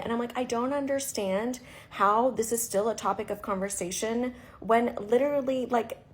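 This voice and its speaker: A young woman from India telling a casual storytime rant, exasperated and full of "like" fillers. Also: medium pitch. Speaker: vlogger.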